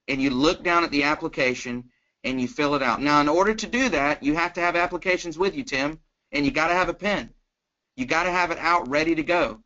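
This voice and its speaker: A man coaching insurance sales on a conference call, energetic and checking in with the listener again and again. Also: a little high, brisk. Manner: energetic, keeps checking in with "okay?". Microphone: phone. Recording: muffled conference-call phone line.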